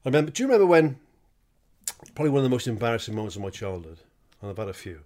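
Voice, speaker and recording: A man co-hosting a podcast, swearing freely and telling an animated comic story. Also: medium pitch, racing. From Wales. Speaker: podcast co-host. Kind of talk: casual comedy chat.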